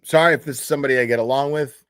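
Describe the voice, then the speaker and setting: A man's voice: mid-range voice, fairly even intonation, very fast, fairly bright tone, smooth, no echo, studio quality. A man giving a profane, exasperated reaction commentary, reading posts aloud and mocking them. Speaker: commentary streamer.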